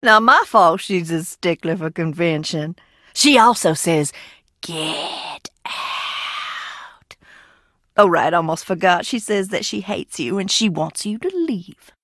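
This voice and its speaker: Sardonic, unhinged young heiress. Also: female voice, fairly low pitch, expressive, slow, a bit bright, no echo, clean studio sound, exaggerated voice. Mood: mocking. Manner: sardonic, theatrical, swinging between taunts and outbursts. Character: eccentric, mocking young woman hiding in an old mansion. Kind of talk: video game voice acting.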